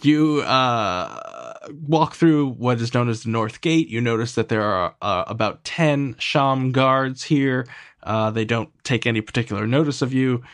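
A man's voice: medium pitch, unhurried. A man narrating as game master in a tabletop game, hesitant with many fillers.

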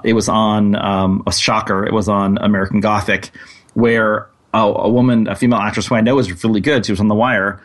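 A man co-hosting a podcast who talks casually and in a halting way, restarting his sentences as he thinks aloud. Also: on the low side. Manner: rambling, halting, many restarts. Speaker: podcast co-host.

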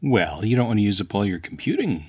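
A man's voice: fairly low pitch, big pitch swings, fast talker, darkish tone, husky, dry recording. A man guest on a podcast, making wry, joking asides in casual chat.

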